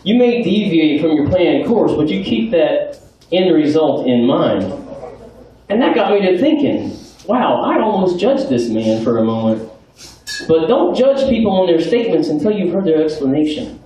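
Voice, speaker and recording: A young man doing stand-up comedy in a bar, building each joke with deliberate pauses before the punchline. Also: fairly high pitch, very animated, mellow. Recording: echoey bar, far mic, noisy.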